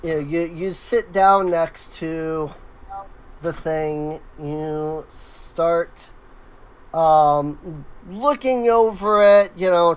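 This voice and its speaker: A woman narrating a tabletop game as game master, halting with many fillers and restarts. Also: lowish voice, rough recording.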